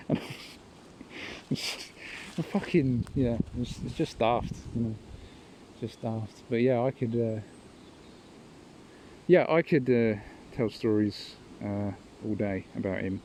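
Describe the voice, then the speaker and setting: Slow, mellow-voiced man rambling. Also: mid-range voice, a little hiss or hum, low-quality recording. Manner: rambling, chuckles at his own stories. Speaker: podcast host. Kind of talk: casual storytelling monologue.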